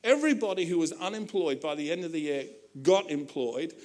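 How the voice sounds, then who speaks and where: A male pastor preaching a sermon to his church, animated and conversational, with humorous asides and acted-out quotes. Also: a little high, brisk.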